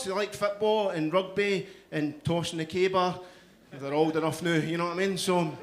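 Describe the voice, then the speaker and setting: A man's voice: high-pitched, slight background noise. Brash Glaswegian man doing stand-up. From Scotland. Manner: loud, punchy crowd work with frequent "you know what I mean". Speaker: stand-up comedian. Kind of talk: stand-up comedy set. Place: comedy club stage.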